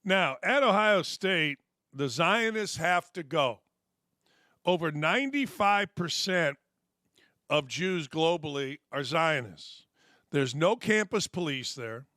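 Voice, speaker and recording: Middle-aged male sports talk host, high and bright, blunt and sarcastic, dry close sound. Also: expressive, slow pace, dry recording. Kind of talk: opinionated monologue.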